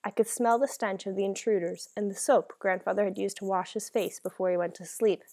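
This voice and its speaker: A woman's voice: medium pitch, steady tone, a little fast, creaky, warm tone. A woman narrating a first-person novel as an audiobook, reading in a dramatic, emotional way.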